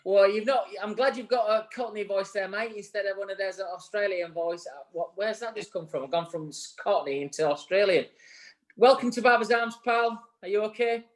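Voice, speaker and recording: A man's voice: high voice, normal speed. A man co-hosting a live barbering show, chatty and joking with guests. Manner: jokey, chatty, encouraging. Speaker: podcast co-host.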